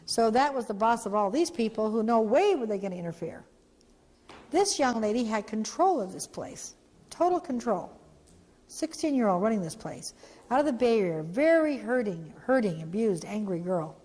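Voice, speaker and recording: A woman, an organization's founder, giving an animated storytelling talk for a training video, acting out the voices she quotes. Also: fairly high pitch, moderate pace, in a large hall.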